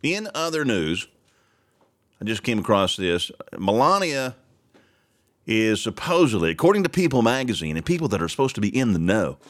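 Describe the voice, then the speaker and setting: Low-voiced rambling male talk-show host. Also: sing-song, moderate pace. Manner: rambling, reads news aloud with asides. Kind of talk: casual talk-show commentary.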